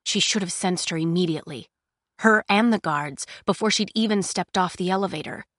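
A woman's voice: on the low side, dry recording. Woman narrating an audiobook, dry close sound. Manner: measured, expressive storytelling. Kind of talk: scripted narration.

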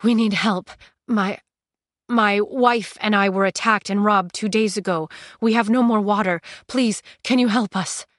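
A woman's voice: medium pitch, steady tone, measured pace, dry recording, studio quality, lightly acted. Blind young traveler voiced by a woman, urgent, protective, pleading, audiobook.

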